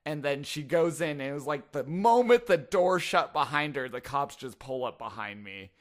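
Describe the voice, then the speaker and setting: A man's voice: fairly high pitch, moderate pace. A young man telling stories in a casual podcast chat, swearing and laughing often. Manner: animated storytelling, swears and laughs a lot. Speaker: podcast co-host.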